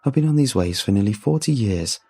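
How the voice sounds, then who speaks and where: A man voicing a shaken older fisherman who talks slowly and dazedly, in a spoken horror story. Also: lowish voice, animated, mellow, breathy edge. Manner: slow, dazed. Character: weathered older male fisherman, shaken veteran of the sea.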